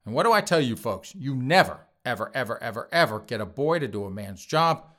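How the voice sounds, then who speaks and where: Male podcast host, sarcastic news commentary, crude jokes, mid-pitched voice. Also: sing-song, a little fast, a bit bright. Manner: crude, sarcastic, laughing at his own jokes.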